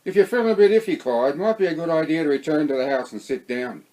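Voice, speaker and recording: A man with an Australian accent voicing a gruff, nervous bloke who shouts and swears. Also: fairly high pitch, quick pace, close to an everyday voice, poor audio. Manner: loud, rough-spoken, swears.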